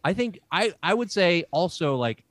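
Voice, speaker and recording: A man's voice: high-pitched, sing-song, normal speed, fairly bright tone. A man playing a goofy 1950s greaser therapist who rambles with stammered restarts and gives offhand advice in an improvised comedy scene. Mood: breezy. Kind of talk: improvised comedy role-play.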